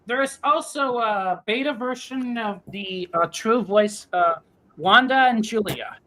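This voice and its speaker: A woman's voice: on the high side, slight background noise. A woman hosting, chatting casually about voices and laughing often. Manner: giggly, slow and animated. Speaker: host. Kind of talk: casual chat reviewing voices.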